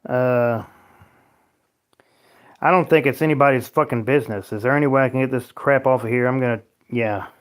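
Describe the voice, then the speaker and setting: A man's voice: medium pitch, a little fast, long pauses, clear, resonant tone. Swearing, rambling man hosting a livestream. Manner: profane, rambling, laughs often. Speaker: livestream host. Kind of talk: casual livestream chat reading viewer comments.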